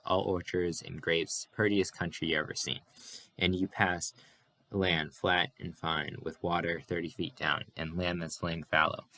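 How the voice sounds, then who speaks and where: A man's voice: deep voice, bright, forceful tone. Man reading a bitter weary migrant. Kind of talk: audiobook character reading.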